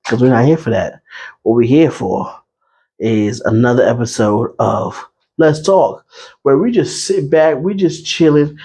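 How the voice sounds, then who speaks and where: A young man hosting an unscripted podcast, talking in a laid-back, chatty way with lots of pauses and fillers. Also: medium pitch, a little mellow. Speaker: podcast host. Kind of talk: unscripted casual talk.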